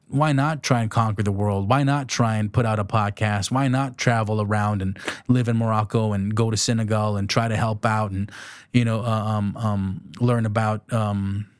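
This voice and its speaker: A man's voice: medium pitch, no echo, clean studio sound. A man in his thirties from the United Arab Emirates, hosting a podcast in a rambling, chuckling, self-correcting way. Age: 30s. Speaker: podcast host. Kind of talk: casual solo podcast chat.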